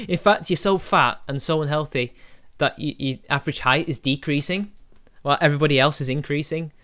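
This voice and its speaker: A man's voice: on the high side, normal speed, fairly bright tone. A young man, chatting on a live stream in a mocking, crude, laughing way. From Britain. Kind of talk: casual live-stream commentary.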